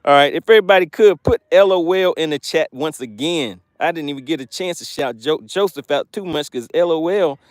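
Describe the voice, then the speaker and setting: A man hosting a fishing live stream outdoors, reading viewers' chat aloud in a playful, excitable way and laughing often. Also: a little high, brisk, few pauses, no room sound, studio quality. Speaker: fishing channel host.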